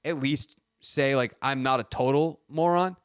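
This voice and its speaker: Man, radio host, casual rambling chat, self-mocking, middle pitch, studio mic. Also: measured pace, clean tone, dry recording. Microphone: studio microphone.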